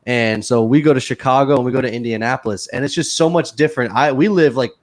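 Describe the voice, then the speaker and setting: A man's voice: mid-range voice, fast talker. A man co-hosting a podcast, chatty and friendly while telling stories and asking questions. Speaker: podcast co-host. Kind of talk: casual podcast interview.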